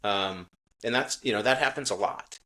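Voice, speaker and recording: A middle-aged businessman with a low voice speaks in an earnest, conversational way. He restarts often and acts out quoted exchanges while telling a story to an interviewer. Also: normal speed, sharp tone. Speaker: menswear company CEO, podcast guest. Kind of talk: casual interview talk, storytelling.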